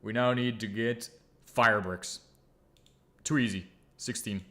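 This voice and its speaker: A man's voice: lowish voice, fairly even intonation, slow pace, bright, forceful tone. A man giving casual, jokey gameplay commentary, muttering and humming to himself as he builds. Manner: jokey, self-mocking, hums and mutters to himself. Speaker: gaming video creator.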